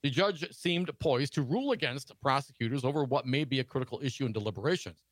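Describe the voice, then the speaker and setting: A man's voice: mid-range voice, animated, fast talker, no echo. A man co-hosting a political talk show, reading news stories aloud and adding sarcastic asides.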